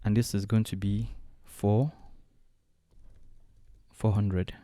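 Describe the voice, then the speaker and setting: A man walking through a design software tutorial step by step, thinking aloud as he clicks along. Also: fairly low pitch, little pitch movement, slow, no echo. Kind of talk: screen-recorded software tutorial.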